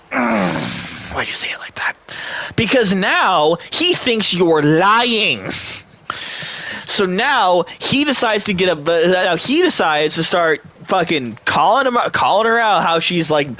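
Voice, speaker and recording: With a high voice, this young man who hosts a gaming channel spins a lengthy personal anecdote, casual and lively, swearing without restraint, laughing a lot and acting out the people he quotes.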